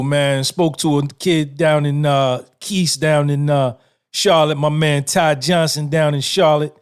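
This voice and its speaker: A man, hosting his own podcast in a casual monologue, emphatic and repetitive, firing off rhetorical questions. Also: fairly high pitch. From New Jersey. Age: 50s. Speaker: podcast host.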